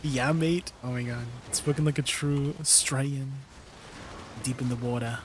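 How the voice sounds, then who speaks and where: A man's voice: medium pitch, level tone, moderate pace, a little hiss or hum. Chill guy streaming a game, talks to chat a lot, mid voice, laughs easy. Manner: chatty and easygoing, many fillers, laughs often. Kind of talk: casual livestream chat with viewers.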